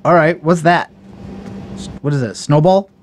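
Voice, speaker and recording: A man's voice: a little high, moderate pace. A man with a slightly raised voice talks through a video game he is playing, wry and self-deprecating, puzzling aloud over each obstacle. A faint hiss sits under the recording. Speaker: let's play host. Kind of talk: casual gameplay commentary.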